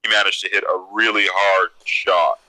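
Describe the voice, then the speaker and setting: A man's voice: low-pitched, normal speed, poor audio. A man co-hosting a casual podcast chat, joking dryly. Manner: dry, jokey, lively. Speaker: podcast co-host.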